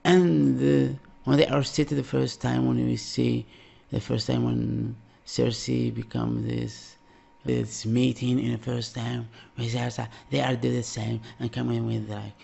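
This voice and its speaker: A man from Algeria, reacting to a show in casual, halting English and often laughing. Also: medium pitch, flat delivery, gravelly, warm tone, slightly rough, dull audio. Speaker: reaction video host.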